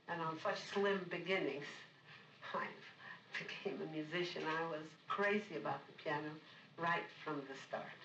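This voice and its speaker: An older woman tells her life story in a reflective, good-humored way, her voice bright and forceful and sitting a little low. She sounds distant from the mic, in a roomy space. The sound is the dull, faint-hissed film audio of the 1970s. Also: fairly even intonation, moderate pace. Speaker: documentary subject. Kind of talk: reminiscing interview.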